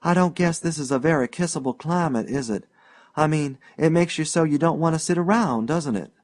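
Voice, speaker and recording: A man voicing a playful, wistful young Southern woman in an audiobook reading, in a raised soft girlish pitch. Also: brisk, close to an everyday voice.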